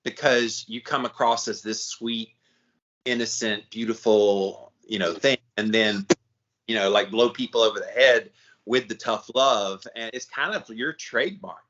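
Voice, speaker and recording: Bright-voiced chatty man co-host. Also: on the low side, a little slow, lo-fi sound. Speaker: podcast co-host. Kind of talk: casual podcast chat.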